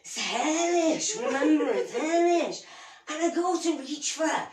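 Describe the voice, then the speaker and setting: A woman putting on a Scottish accent to play a rambling comedian telling a wild tall tale, drawing out her words in a high, animated voice. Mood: animated storytelling. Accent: put-on Scottish. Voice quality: animated, high-pitched, drawn-out storytelling. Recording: roomy, distant, noisy home stream.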